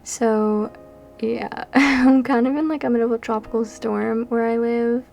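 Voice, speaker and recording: Creaky-voiced tired Canadian girl, chatty. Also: fairly high pitch, little pitch movement, unhurried, a little mellow. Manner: rambling and chatty, with frequent fillers. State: tired and a bit out of breath. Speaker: Sims builder and YouTuber. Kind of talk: casual chat over a speed build. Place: home room during a storm. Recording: background music.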